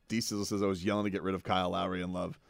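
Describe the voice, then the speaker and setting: A man's voice: low-pitched, gravelly, dry recording, clean studio sound. A man hosting a sports radio show, bantering casually with his co-hosts and joking around. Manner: animated, joking, quick to shout out lines.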